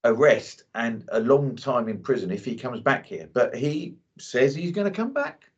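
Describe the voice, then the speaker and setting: A man's voice: mid-range voice, big pitch swings, moderate pace. A man talking bluntly in a casual two-way chat, leaning on "you know" as he goes. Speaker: co-host. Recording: dull lo-fi audio.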